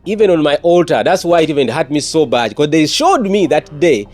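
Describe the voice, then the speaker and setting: A man's voice: a little high, very animated, fairly quick, soft background music. A man, an evangelist telling his personal testimony in an interview, earnest and often repeating words and restarting.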